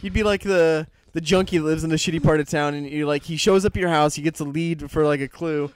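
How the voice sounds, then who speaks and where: A man's voice: a little high, fairly even intonation, fast talker, smooth. A man co-hosting a comedy podcast, rambling with lots of fillers in crude casual banter. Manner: rambling, filler-heavy, jokey. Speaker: podcast co-host.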